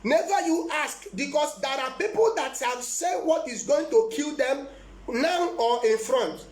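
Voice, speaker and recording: A man's voice: extremely high pitch, unhurried, echoey room, faint music behind. A man preaching as a prophet in a live-streamed sermon, emphatic and repetitive, often breaking into laughter.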